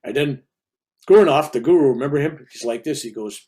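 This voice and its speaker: A man's voice: on the high side, expressive, quick pace, a little mellow, breathy edge. An older man, a reverend, telling a spiritual story in a casual, rambling way. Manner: rambling, casual, with restarts and asides. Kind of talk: conversational storytelling.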